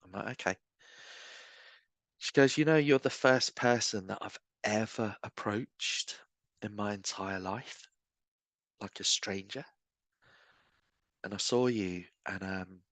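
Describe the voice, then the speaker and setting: A man's voice: lowish voice, fairly bright tone, no echo. A man, a street evangelist guest, telling stories earnestly and acting out the voices of people he quotes. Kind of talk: storytelling conversation.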